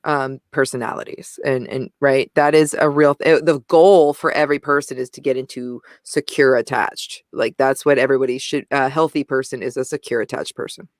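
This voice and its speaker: A woman's voice: rumbling low, fairly even intonation, fairly quick, few pauses, dry recording, clean studio sound. A woman co-hosting a casual discussion, talking intensely and animatedly and often restarting her sentences. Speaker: podcast co-host.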